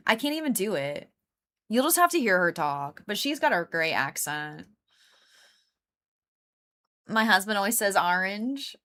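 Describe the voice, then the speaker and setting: A woman's voice: medium pitch, sing-song, measured pace, a bit bright. A woman live streamer chatting casually with her viewers, rambling with lots of fillers and laughing often. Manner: chatty, laughs often, greets and answers chat.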